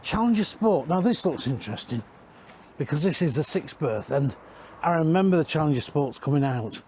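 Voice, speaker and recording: A man's voice: a little high, lively intonation, moderate pace, a little mellow, a little hiss or hum. A man giving a casual, rambling walk-around tour inside used caravans, chatting and correcting himself as he goes. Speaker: caravan industry reviewer.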